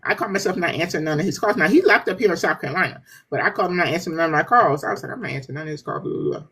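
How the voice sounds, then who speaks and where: A woman guest author in a casual podcast chat, an animated storyteller who laughs often. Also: on the low side, very fast, husky.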